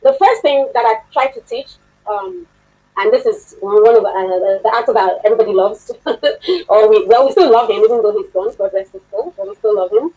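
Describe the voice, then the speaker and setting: Woman instructor, slightly high voice, chatty online class lecture, quizzes her students. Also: fairly quick, warm tone, rough recording. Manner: chatty, laughs often, asks the class questions. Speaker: workshop instructor.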